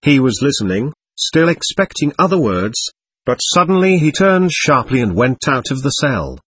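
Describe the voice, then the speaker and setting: A man narrating a literary audiobook in an expressive, dramatic reading. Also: mid-range voice, normal speed, a little hiss or hum.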